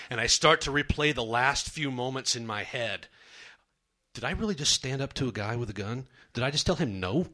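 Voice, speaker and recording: A man's voice: mid-range voice, sharp tone. A young man performing a true story on a comedy stage, dramatic and self-mocking.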